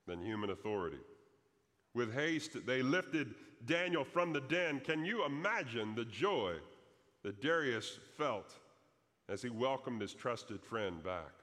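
Pastor preaching in a reverberant hall. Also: male voice, mid-range voice, very animated, measured pace, fairly bright tone. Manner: dramatic storytelling, acting out quoted prayers. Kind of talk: sermon.

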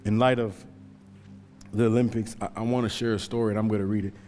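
A man preaching a sermon with passion, swinging from hushed, slow storytelling to loud pleading. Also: on the low side, level tone, long reverb tail, faint music behind. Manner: impassioned, swings from hushed to shouting. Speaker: pastor.

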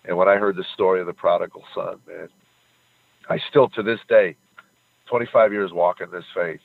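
A man telling the story of his faith in an earnest, halting way, choking up at times. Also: sits low, steady tone, gravelly, breathy edge. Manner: earnest, halting, chokes up when moved. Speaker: comedian guest. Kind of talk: emotional faith testimony. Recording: tinny phone-like line.

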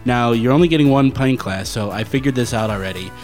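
A man's voice: mid-range voice, fast, a little mellow. A male podcast co-host talks in an easy, joking way, teasing his friends between topics. His voice sits in a middle register, and faint music plays under it. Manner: joking, playful banter. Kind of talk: casual chat.

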